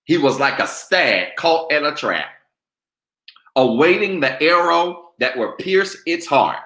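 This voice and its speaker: A man's voice: on the high side, expressive, takes it slowly, a bit bright, echoey room. A man preaching a sermon, calling on his congregation to talk back to him. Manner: call-and-response preaching, goading the congregation. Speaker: pastor.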